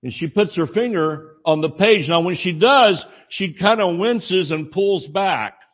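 A man's voice: high voice, a little slow, dull audio. A male preacher telling a rambling anecdote in a sermon, acting out the voices of the people he quotes. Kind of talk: sermon storytelling.

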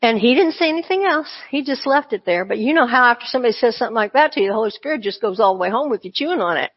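Woman, churchgoer, earnest conversational testimony, slightly high voice, muffled lo-fi sound. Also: lively intonation, very fast. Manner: earnest, conversational, with frequent asides. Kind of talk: personal testimony storytelling. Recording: dull lo-fi recording.

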